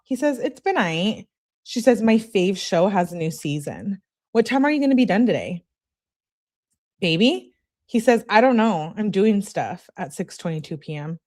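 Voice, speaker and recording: This woman hosts her own channel, greeting viewers while casually reading text messages from a case aloud and tossing in blunt, profane asides. Her mid-range voice is sing-song and a little mellow, moving at normal speed.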